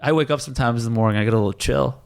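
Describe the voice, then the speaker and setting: A man's voice: mid-range voice, very fast, vocal fry, clear, resonant tone. Rambling storyteller man, podcast host. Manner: rambling storyteller, laughs mid-sentence. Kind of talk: casual chat.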